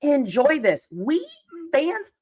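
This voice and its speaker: A woman co-hosting a live sports stream, ranting with excitement and emphasis. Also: sits high, takes it slowly. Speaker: guest co-host.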